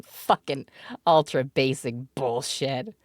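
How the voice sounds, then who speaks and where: Casting: Canadian woman streamer, unhurried, laughs and swears through her stories, close dry mic. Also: extremely low pitch, no echo. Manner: giggly, profane, animated storyteller. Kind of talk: casual storytelling to stream chat.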